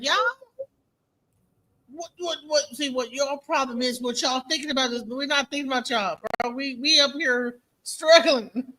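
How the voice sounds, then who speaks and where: An American woman streaming, reacting to a clip with blunt, profane, animated commentary. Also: high-pitched, moderate pace, rough recording. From United States.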